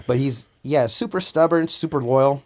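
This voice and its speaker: A man telling a story in casual, animated, profanity-heavy slang as an interview guest. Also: mid-range voice, moderate pace.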